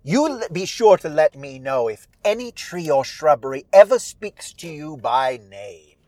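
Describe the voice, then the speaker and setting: A grand, condescending old witch woman, well over a century old, drawls her lines slowly in a pitch a bit above the man who does her everyday voice. She sounds theatrical and fiendishly amused, as if she is looking down on her listener. The recording is dry and close. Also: big pitch swings, darkish tone, dry recording. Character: haughty centenarian widow witch, woman.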